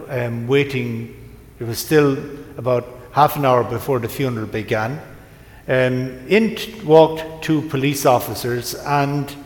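A priest preaching to his congregation, telling a story in a gentle, unhurried way with pauses. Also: medium pitch. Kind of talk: sermon. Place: large church. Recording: echoey church from a distance.

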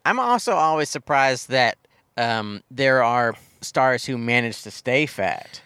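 A man's voice: medium pitch, animated, a little slow, bright, forceful tone, clean tone, dry recording. A man co-hosting a podcast, chatting casually and sarcastically about movies, with crude jokes. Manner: sarcastic, crude, jokey impressions. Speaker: podcast co-host.

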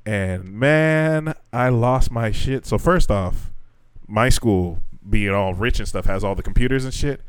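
A young man, a teacher, telling a frustrating work story on a podcast, animated and swearing freely as he acts out what people said. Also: medium pitch, unhurried, few pauses, clean tone, no room sound. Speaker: podcast co-host; assistant language teacher in Japan. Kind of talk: casual chat.

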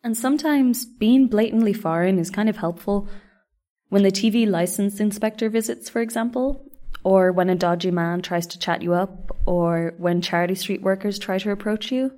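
A woman's voice: mid-range voice, normal speed, mellow. A young woman telling travel stories in a chatty, self-deprecating way. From Ireland. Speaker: vlogger. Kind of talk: scripted travel storytelling.

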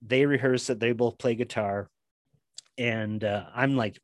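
A man's voice: medium pitch, fairly even intonation, a little slow, no room sound, clean studio sound. A man chatting as a podcast guest, telling long, rambling stories full of fillers and restarts. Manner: rambling storytelling, many fillers. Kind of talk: casual chat.

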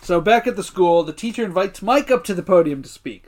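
A man's voice: high-pitched, fairly quick. Man animatedly recapping a TV episode. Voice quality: lively storyteller, acts out quotes, swears casually. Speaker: podcast co-host. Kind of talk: casual recap chat.

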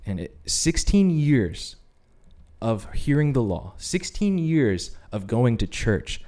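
A man's voice: mid-range voice, sing-song, takes it slowly, warm tone. Earnest man telling his testimony. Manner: earnest storyteller, acts out quoted voices. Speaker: podcast co-host sharing testimony. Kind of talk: personal testimony, casual chat.

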